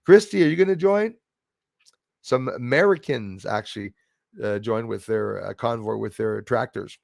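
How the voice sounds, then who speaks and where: A man's voice: medium pitch, moderate pace, vocal fry, darkish tone, no echo, clean studio sound. A man hosting a casual livestream, rambling bluntly and greeting viewers by name. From Canada. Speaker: livestream host reading chat. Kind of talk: casual live-stream chat.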